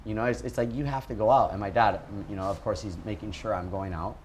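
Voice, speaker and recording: A man's voice: on the low side, steady tone, fast, slight background noise. Laid-back man telling surf stories. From Hawaii. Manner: laid-back, lots of "like" and "you know"; acts out voices in his stories. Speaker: guest pro surfer. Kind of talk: casual storytelling.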